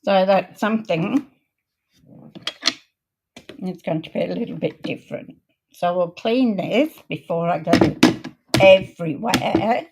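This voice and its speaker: A woman hosting a card-making video, chatting in a homely way while she works, her voice a little croaky. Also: on the low side, a little mellow, slight background noise. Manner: chatty, homely, unhurried, talks while working. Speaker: craft video host. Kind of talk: casual crafting demo chat.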